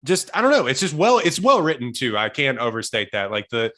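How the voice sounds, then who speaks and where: A man's voice: mid-range voice, very animated, brisk, bright, forceful tone. A young man co-hosting a casual podcast, telling long rambling stories and laughing often. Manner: rambling storyteller, laughs a lot. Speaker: podcast host.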